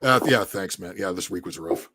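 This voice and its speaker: A man chatting on a livestream in a gruff, crude and insulting way. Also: low voice, moderate pace, pushed and bright, slight background noise. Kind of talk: casual livestream chat.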